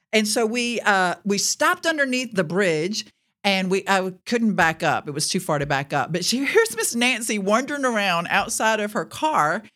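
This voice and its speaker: Woman host telling a testimony story, lively and laughing, acting out the people she quotes. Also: medium pitch. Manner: animated, laughing often, jumping into quoted voices. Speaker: ministry host.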